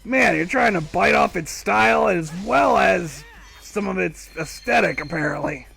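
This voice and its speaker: A man's voice: high-pitched, animated, measured pace, creaky, pushed and bright, husky, faint music behind. A man streaming a video game live, rambling to himself with wry, casual commentary as he plays. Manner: rambling, self-talking, wry.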